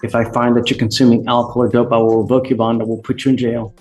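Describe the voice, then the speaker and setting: A man's voice: medium pitch, level tone, quick pace, darkish tone. A man, a judge sternly warning defendants at a courtroom hearing.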